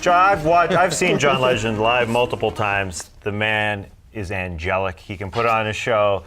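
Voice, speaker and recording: A man's voice: fairly low pitch, normal speed, pushed and bright, faint music behind. A man co-hosting a sports talk show, breaking down plays with dry jokes.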